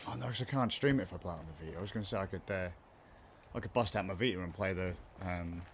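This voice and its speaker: A man's voice: low-pitched, fast, a little hiss or hum. A man rambling and muttering to himself as he streams a video game late at night, swearing casually between thoughts. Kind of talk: casual gameplay stream commentary. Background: game music.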